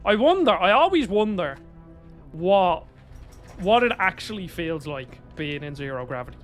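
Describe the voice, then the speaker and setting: A man's voice: sits high, very animated, moderate pace, faint music behind. A man streaming a game, chatting and thinking aloud in a rambling, casual way. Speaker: gaming streamer. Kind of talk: casual gameplay commentary.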